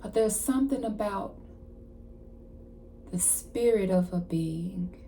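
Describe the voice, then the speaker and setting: A woman card reader giving a casual channeled message, retelling a story in an animated way with slang and asides. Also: medium pitch, slow, a little hiss or hum.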